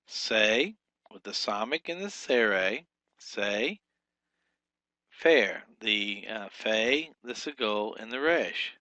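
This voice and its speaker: A man teaching a recorded lesson, explaining patiently with fillers and slowly drawn-out example sounds. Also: fairly low pitch, lively intonation, sharp tone, no room sound.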